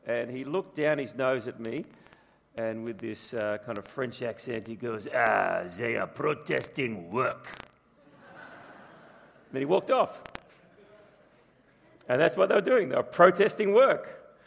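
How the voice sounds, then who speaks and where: A man's voice: mid-range voice, expressive, a little slow, creaky, long pauses. A man preaching a sermon as pastor, telling stories in a chatty, humorous way. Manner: chatty storytelling with humour. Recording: long reverb from a large room.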